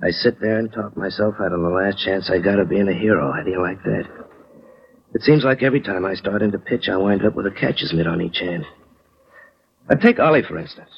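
An actor playing Joe, a proud, wisecracking clerk in a 1940s radio drama, streetwise and quick to argue. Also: male voice, sits low, gravelly, breathy edge, full character voice. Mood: rueful. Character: Joe, a scrappy working man, proud and touchy. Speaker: insurance clerk. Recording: dull lo-fi old radio recording.

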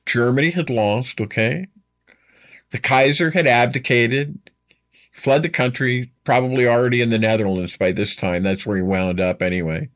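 A man's voice: medium pitch, steady tone, normal speed, fairly bright tone. A man giving a storytelling history lecture. He talks to the listener directly and repeats his key points for emphasis.

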